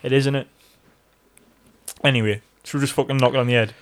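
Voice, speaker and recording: A man's voice: medium pitch, fairly even intonation, fast talker. Sweary joking North East English man. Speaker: podcast co-host. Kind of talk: casual podcast banter.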